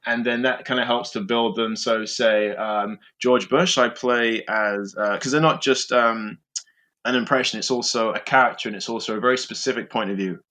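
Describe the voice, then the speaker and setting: A man talks through how he builds comedy characters. He speaks at a middle pitch and stops often with fillers as he thinks. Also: fairly even intonation, sharp tone. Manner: thoughtful, halting with fillers. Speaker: improviser. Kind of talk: interview answers.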